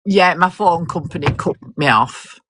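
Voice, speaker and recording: A woman's voice: fairly low pitch, measured pace, noisy background. An older woman, telling a long story in casual chat, swearing mildly and laughing often. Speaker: host.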